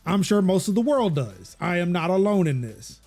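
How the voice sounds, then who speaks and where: A man hosts a laid-back tech podcast, his voice sitting a bit high for a man. He rambles through his points with frequent ums and self-corrections. A soft bed of music runs quietly behind him. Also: very animated, normal speed. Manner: rambling, many fillers and restarts. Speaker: podcast host. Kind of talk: casual tech chat.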